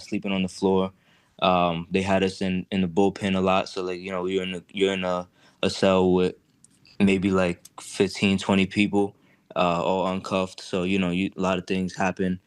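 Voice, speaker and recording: A young man telling the story of his jail stay in a halting, conversational way, with many fillers and restarts. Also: sits low, smooth. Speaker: client describing his case.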